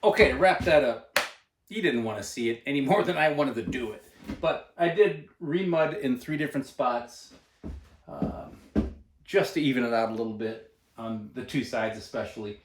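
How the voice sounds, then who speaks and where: A man's voice: mid-range voice, normal speed. Guy in his 30s chatting while he builds, roomy echo, bit of noise in the back. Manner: relaxed, chatty, explains steps plainly. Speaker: host of a cabin-building channel. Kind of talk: casual talk to camera while working. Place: inside an unfinished cabin.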